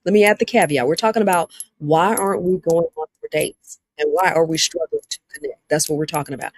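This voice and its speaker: Speaking quickly in a deep voice, this Southern-accented woman runs a dating livestream where she reads out viewers' comments and addresses them head-on, often repeating herself. The audio is poor but free of echo.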